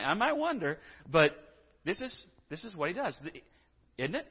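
A pastor preaching with a high, lively voice that leaps around as he acts out the story. His voice is a little husky, and the muffled recording carries the long reverb of a church hall. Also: moderate pace. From Texas. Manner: animated storytelling, acts out scripture figures. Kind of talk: sermon.

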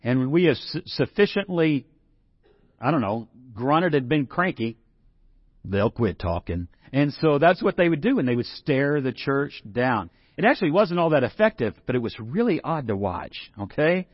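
A man's voice: mid-range voice, very animated, moderate pace, no room sound, lo-fi sound. Conversational male pastor preaching, dry sound. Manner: conversational preaching, rising to emphatic scripture reading. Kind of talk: sermon.

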